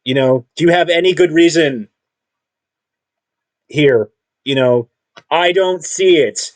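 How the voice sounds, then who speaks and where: A man speaking in an unscripted monologue, rambling and halting with many restarts, combative and self-assured. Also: fairly high pitch. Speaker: video commentator.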